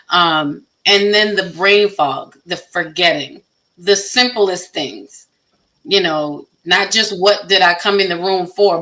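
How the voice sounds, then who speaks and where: A middle-aged woman on a panel, telling candid stories in an animated way, acting out her own inner voice and laughing at herself. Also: lowish voice, rough recording. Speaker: panel guest.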